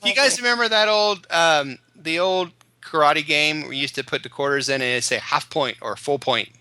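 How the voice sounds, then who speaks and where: Guy cohosting a fan podcast, super bright voice, jokey stories, dry close sound. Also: fairly high pitch, moderate pace, smooth, no echo. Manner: animated, joking storyteller. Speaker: podcast co-host. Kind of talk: casual chat.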